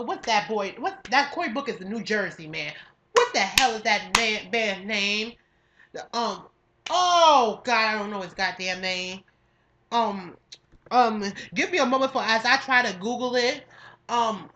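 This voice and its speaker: Young woman, from New York State, podcast co-host, casual rant, profane and emphatic, fairly high, bright forceful voice. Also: a little hiss or hum. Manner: profane, emphatic, repetitive, slangy. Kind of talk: casual ranting monologue.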